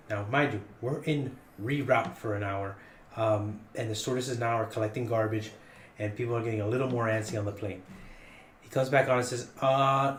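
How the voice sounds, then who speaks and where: A man telling a long story on a podcast in a casual, animated, jokey way. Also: roomy sound, slight background noise. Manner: animated, jokey, rising in pitch for punchlines.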